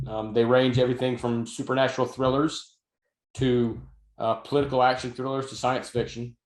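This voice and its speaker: A man's voice: mid-range voice, little pitch movement, moderate pace. Dry-humored man, roomy echo. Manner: dry storytelling, wry asides. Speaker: podcast co-host and novelist. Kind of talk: casual podcast chat.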